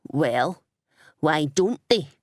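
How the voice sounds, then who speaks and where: A woman's voice: fairly low pitch, big pitch swings, slow, dry recording, clean studio sound, full character voice. A woman voicing a surly, defensive middle-aged male shopkeeper in a small town, snarling and hissing his lines.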